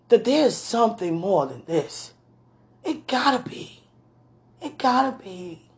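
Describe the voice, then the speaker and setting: Slow-talking woman, laughing and affectionate. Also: on the high side, vocal fry. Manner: laughs often, loose slangy talk; affectionate, addresses a loved one. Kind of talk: casual talk to camera.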